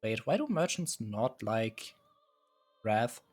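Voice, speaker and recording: A man's voice: on the low side, very animated, takes it slowly, a little mellow, soft background music. A man streaming live, casually musing and hesitating as he sets up a strategy game, chuckling often. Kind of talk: casual live gameplay commentary.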